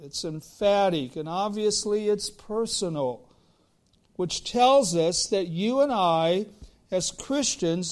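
A male preacher delivering a Sunday sermon in a high voice. He speaks slowly and deliberately, drawing out key phrases and rising to emphatic declarations. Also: animated. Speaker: pastor.

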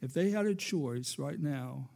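A man's voice: medium pitch, expressive, a little slow, creaky, darkish tone. A man preaching a sermon as pastor, rising and falling for emphasis and calling for amens.

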